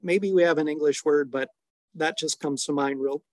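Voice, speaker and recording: A man's voice: a little high, normal speed, darkish tone, dry recording. Middle-aged man telling a story, dry sound. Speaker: storytelling guest, father. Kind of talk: relaxed anecdotal storytelling.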